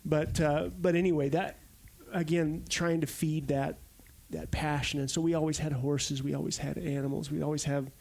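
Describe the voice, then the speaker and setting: Man, 40s, from Arizona, podcast guest, gravelly voice, slightly high, animated casual storytelling. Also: normal speed, few pauses. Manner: animated, acts out quotes while telling stories.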